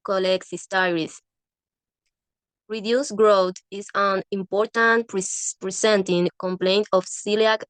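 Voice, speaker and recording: A woman reading a medical English textbook aloud, halting and often restarting words. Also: mid-range voice, fairly bright tone, clear, resonant tone, no echo.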